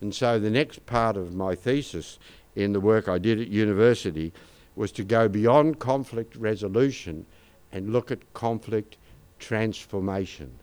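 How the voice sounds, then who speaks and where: Older Australian man preaching, smooth voice. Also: lowish voice, unhurried, darkish tone. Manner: conversational, anecdotal preaching with asides to the congregation. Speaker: pastor. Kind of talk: sermon.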